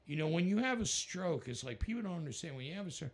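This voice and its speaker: An American man, a rock musician, telling stories in a casual interview, animated and breaking into laughter and voices. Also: fast. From United States. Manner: animated, jumps into high-pitched voices and laughs. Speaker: musician guest.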